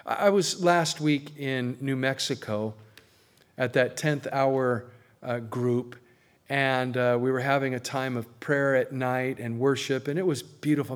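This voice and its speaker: A man preaching a sermon to a congregation, swinging between loud emphasis and quiet asides. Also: medium pitch, fairly even intonation, a little slow. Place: church before a congregation.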